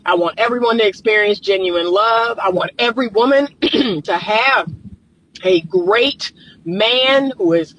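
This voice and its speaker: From the driver's seat, a man who coaches and counsels people on relationships talks casually and passionately to his livestream viewers, getting riled up as he goes. His voice sits high and a bit bright at a measured pace, and a little hiss or hum can be heard.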